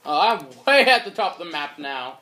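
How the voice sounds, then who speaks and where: A man's voice: fairly high pitch, sing-song, moderate pace, pushed and bright, a little hiss or hum. A man chatting casually while playing a video game, goofy and prone to silly made-up songs. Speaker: gamer. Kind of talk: casual gaming chat.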